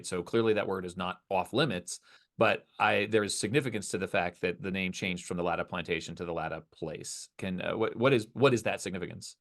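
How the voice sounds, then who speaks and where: Deep-voiced man asking careful questions. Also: fairly quick, a bit bright. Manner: polite, careful questioning with small hesitations. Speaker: interviewer. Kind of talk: interview questions.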